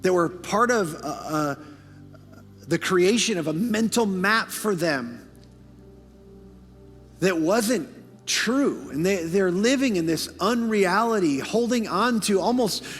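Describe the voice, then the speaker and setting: A man pastor preaching in a church sanctuary, his voice pitched high. He moves between hushed, intimate lines and fervent bursts with rapid asides. The long reverb of the hall carries him over faint music. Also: expressive, husky. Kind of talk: sermon.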